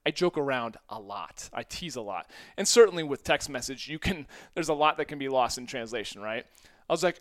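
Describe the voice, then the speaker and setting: A man's voice: medium pitch, lively intonation, fairly quick. A man in his forties talks through a solo podcast episode in a loose, conversational way. He is self-deprecating and breaks into short laughs between phrases. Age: 40s. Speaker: podcast host. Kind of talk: casual solo podcast monologue.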